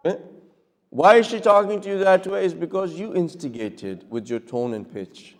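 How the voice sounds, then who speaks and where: This cleric's voice sits high and is expressive, his pace measured. Lecturing to an audience that asks questions, he keeps checking with them and performs little dialogues, and the hall gives a long reverberation.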